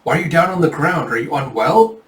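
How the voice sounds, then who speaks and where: A man voicing a calm, caring adult male companion in a steady, reassuring tone. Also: fairly high pitch, brisk, close to an everyday voice. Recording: roomy, mic at a distance.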